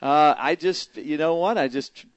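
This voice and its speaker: A man's voice: a little high, a little slow, clear, resonant tone, dry recording, highs cut off. A man from Baltimore with a slight Baltimore accent, a baseball broadcaster talking in a casual radio interview, earnest and hesitant, full of fillers and restarts.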